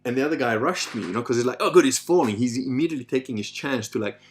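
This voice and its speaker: A man at a medium pitch spins a long anecdote as the podcast's host. He talks loosely and casually, with the odd curse. He acts out other people's lines as he goes. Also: rapid-fire, slight background noise. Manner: animated, swears casually, acts out quoted voices.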